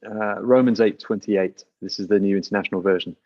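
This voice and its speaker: Guy running a church zoom chat, lowish voice, jokey, kinda dull sound. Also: fairly quick. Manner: relaxed, joking, invites others in turn. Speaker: church host. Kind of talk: online church discussion. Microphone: video call.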